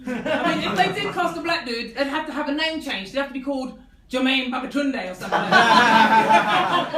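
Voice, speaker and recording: A woman's voice: high voice, lively intonation, moderate pace, distant mic. A woman performing a stand-up comedy set, laughing at her own jokes and leaning on "I mean.". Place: comedy venue with live audience. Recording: echoey room recorded from afar, noisy.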